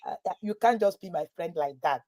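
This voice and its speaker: In a live webinar for parents, a parenting coach from Nigeria speaks a little fast with a fairly low pitch. She tells stories vividly, acting out what others said.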